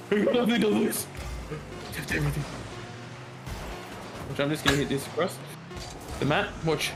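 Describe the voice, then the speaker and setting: Excitable man with a lively voice. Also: fairly high pitch, slow, long pauses, loud music behind the voice. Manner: exclaiming, joking, mock-British slang. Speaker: gamer streaming with a friend. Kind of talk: excited gameplay commentary.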